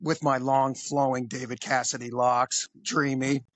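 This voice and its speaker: A man, a police officer, telling a crude story in an animated, conversational way. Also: mid-range voice, a little slow, no echo. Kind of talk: casual storytelling.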